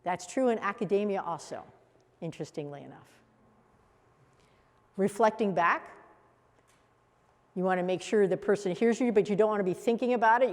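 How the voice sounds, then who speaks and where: Woman teaching a workshop in an echoey hall. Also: mid-range voice. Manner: animated, acts out example voices. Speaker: coach trainer. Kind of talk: workshop teaching to a live group.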